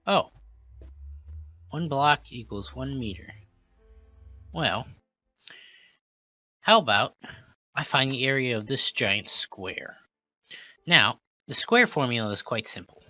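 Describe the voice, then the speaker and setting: Male mock reporter, slow and patient explainer, crisp bright tone, dry close sound. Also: mid-range voice, animated, no echo, lo-fi sound, faint music behind. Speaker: field reporter. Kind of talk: mock news segment, explaining math.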